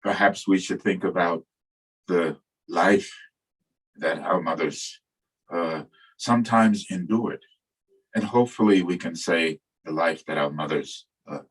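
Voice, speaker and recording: Husky older man giving a dharma talk. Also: sits low, poor audio. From New York. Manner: reflective, storytelling, gentle humor. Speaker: Buddhist teacher.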